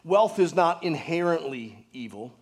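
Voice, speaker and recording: Speaking a little slowly and on the high side, an animated pastor delivers a sermon to his congregation. His earnest preaching includes rhetorical questions and hushed moments for emphasis.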